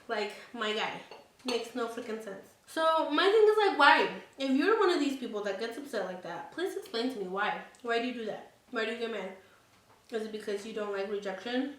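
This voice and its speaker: A woman's voice: fairly high pitch, lively intonation, moderate pace, recorded from a distance. Chatty young woman in an echoey room. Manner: chatty, candid, laughing often, swears freely. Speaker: vlogger. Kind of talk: casual storytime vlog. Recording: echoey room, away from the mic.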